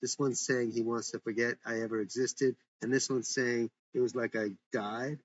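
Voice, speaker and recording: A man's voice: medium pitch, level tone, moderate pace, lightly acted. A man reading the lines of a resentful teenage girl who feels ignored by her family, in a dull lo-fi recording. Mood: indignant. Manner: indignant, complaining.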